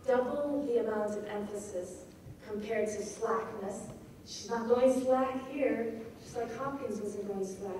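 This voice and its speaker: Woman, poetry lecturer, expressive reading, soft faint room noise, distant mic. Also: on the high side, measured pace. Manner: expressive, reads lines aloud with emphasis. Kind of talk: lecture on poetic rhythm. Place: lecture hall at a festival. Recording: echoey hall, recorded from afar.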